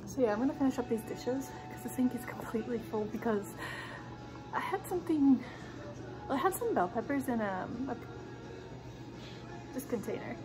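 A chatty woman with a fairly high voice talks straight to her viewers in a loose, rambling way. She giggles between thoughts and drifts easily from one remark to the next. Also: expressive, normal speed, long pauses, music in the background, rough recording. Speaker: vlogger. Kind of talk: casual vlog chat.

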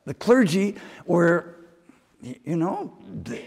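A man's voice: on the high side, animated, a little slow, gravelly, darkish tone, long reverb tail. A man preaching a homily, telling stories and slipping into mimicked voices now and then. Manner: storytelling preaching with mimicked asides. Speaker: priest. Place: chapel.

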